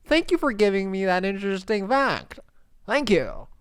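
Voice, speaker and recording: Brief: man putting on a high, sarcastic, fake-innocent male voice, dry close sound. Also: big pitch swings, moderate pace, clear, resonant tone, no room sound. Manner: mock-naive, sarcastic. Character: sarcastic man feigning ignorance.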